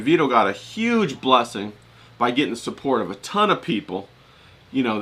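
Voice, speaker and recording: A man's voice: medium pitch, sharp tone. A man talking casually in a vlog, rambling with lots of fillers and folksy turns of phrase. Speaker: vlogger.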